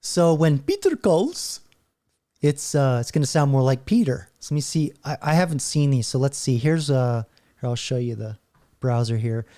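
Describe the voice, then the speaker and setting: A man hosts his own channel, rambling through casual commentary with restarts and chuckles. His voice is mellow and dark, at an ordinary pitch for a man. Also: fairly even intonation, moderate pace. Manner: rambling, stop-start, laughing often. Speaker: channel host. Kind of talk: casual commentary while browsing videos.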